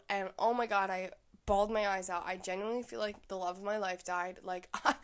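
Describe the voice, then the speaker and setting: A young adult woman hosting her own podcast, chatting casually and candidly, rambling with lots of "like" and frequent laughs. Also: medium pitch. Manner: rambling, candid, laughs often, says "like" a lot. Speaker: podcast host. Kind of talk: casual solo podcast chat.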